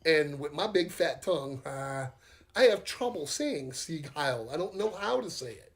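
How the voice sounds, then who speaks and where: A man's voice: fairly high pitch, animated, unhurried. A middle-aged man with a Southern US accent, a metal singer telling rambling stories in a casual podcast chat, swearing and laughing easily. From Louisiana, US. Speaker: metal band singer and guitarist, podcast guest.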